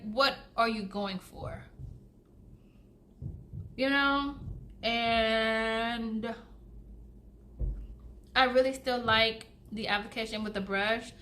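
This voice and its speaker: With a slightly high, bright and forceful voice, a beauty vlogger chats through her makeup routine in a casual get-ready-with-me video, laughing often and calling viewers y'all. A little hiss or hum sits under the recording.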